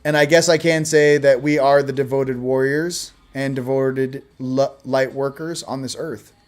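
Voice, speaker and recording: A male host giving a casual oracle card reading, with sarcastic joking asides and slow, emphatic stresses on the card words. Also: mid-range voice, steady tone.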